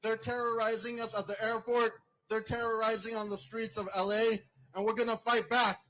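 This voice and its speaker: A man's voice: sits high, flat delivery, moderate pace, pushed and bright, slight background noise, rough recording. A man emceeing an outdoor protest rally, giving a rousing speech and introducing speakers. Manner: rousing, chants with the crowd.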